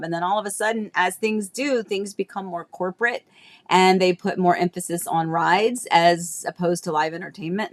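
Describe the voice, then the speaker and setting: A woman in her thirties hosting a casual livestream, talking in a chatty, rambling way with lots of fillers and restarts, nostalgic and emotional at times. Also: fairly low pitch. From Florida, US. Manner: emotional and nostalgic, laughing between tears. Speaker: realtor and livestream host.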